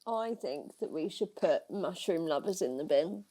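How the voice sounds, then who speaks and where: A woman's voice: lowish voice, animated, normal speed, mellow, rough recording. A woman co-hosting a podcast while unwell with a fever, chatting casually and playfully. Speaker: podcast co-host. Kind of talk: casual chat.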